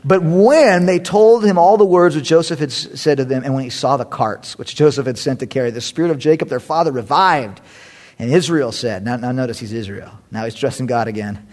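A man's voice: medium pitch, brisk, darkish tone. A man preaching a sermon as a pastor, joking and conversational, often breaking into laughter.

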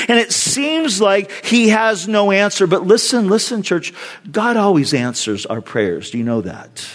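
A male pastor with a high voice preaches to his church, stressing words and repeating phrases for emphasis. His delivery climbs steeply when he voices anguished prayers, then settles back into steady teaching. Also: unhurried. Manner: emphatic preaching, voice rising sharply when voicing cries to God. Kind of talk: sermon.

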